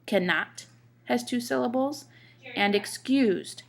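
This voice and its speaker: A slightly high, gravelly female voice moves slowly through a poetry lesson. The teacher explains each point in turn, checks in with the class, and recites verse while marking its stresses.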